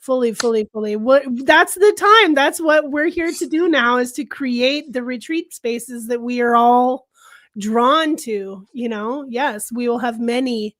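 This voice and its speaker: A woman host with a slightly high voice speaks enthusiastically, heaping affirmation on her guest. Her spiritual blessings come in the same dry, close recording. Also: measured pace, a bit bright, dry recording. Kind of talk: casual chat.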